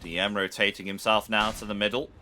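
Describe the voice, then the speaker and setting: A man casting a live esports match play-by-play, building from steady calls to shouted excitement at the big plays. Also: on the low side, quick pace, a little hiss or hum. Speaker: esports caster. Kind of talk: live game play-by-play commentary.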